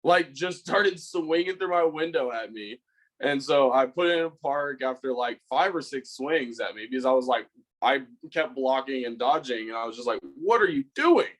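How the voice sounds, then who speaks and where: A man's voice: medium pitch, moderate pace, low-quality recording. Man telling a rambling road story. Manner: rambling, swears a lot, acts out his own lines. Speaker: podcast co-host. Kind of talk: casual storytelling.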